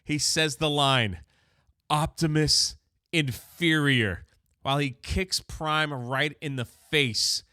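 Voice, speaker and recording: A man hosting a comic book channel, recapping an issue in a chatty, excited way and often restarting his words. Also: fairly high pitch, slow, few pauses, clean tone, dry recording, clean studio sound.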